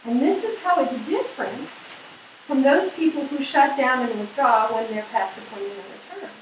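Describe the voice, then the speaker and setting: High-voiced woman lecturing in an echoey hall. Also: moderate pace, slight background noise. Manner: lively, asks the audience questions, acts out quoted people. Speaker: seminar presenter. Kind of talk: lecture to a women's group. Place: hall or meeting room. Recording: echoey room, mic at a distance.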